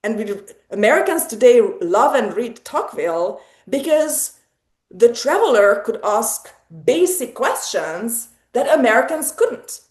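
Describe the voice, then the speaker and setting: Animated woman talking in an echoey room. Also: fairly high pitch, a little slow. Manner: animated, digressive, laughs often, many restarts. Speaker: salon host. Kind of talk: casual literary discussion. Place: online video salon.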